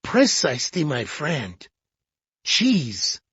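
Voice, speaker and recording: An audiobook reader voicing a fussy, excitable older male Belgian detective who talks slowly and emphatically with pointed questions. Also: mid-range voice, slightly rough, no room sound, exaggerated voice. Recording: dull lo-fi audiobook.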